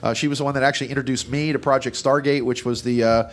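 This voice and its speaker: A man's voice: medium pitch, fairly even intonation, quick pace. A man moderating a panel at an expo, joking and rambling with many "uh" fillers as he introduces the guests.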